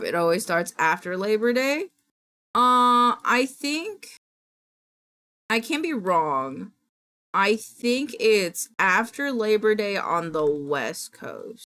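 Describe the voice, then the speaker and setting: A woman streamer chatting casually with her viewers, animated and quick to laugh and apologize. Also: mid-range voice.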